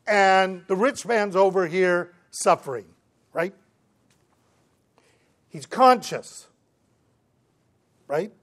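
A man preaching a sermon to his congregation, who often checks in with the listeners and breaks into lively voices for the people in the story. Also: fairly high pitch. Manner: animated preaching, acts out the voices of the figures in the story; checks in with the listeners, asking "right?" again and again. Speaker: pastor.

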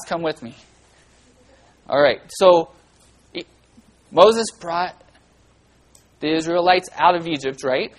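In a low-quality recording, a medium-pitched children's church teacher brings a Bible story to life, quizzing the kids constantly and bursting out loudly and dramatically.

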